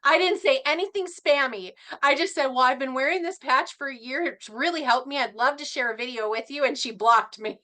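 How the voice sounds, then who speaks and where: A middle-aged woman speaking at a team meeting, animated and passionate, laughing often as she talks. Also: sits high, brisk, few pauses. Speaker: network marketing team member.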